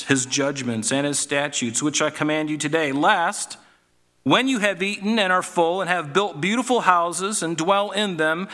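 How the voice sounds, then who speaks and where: A male preacher with a bright, forceful voice that sits a little high for a man. He reads scripture passages aloud and then talks them through in a relaxed, conversational way, asking his listeners questions. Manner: addresses the listeners as folks, asks rhetorical questions. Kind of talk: sermon.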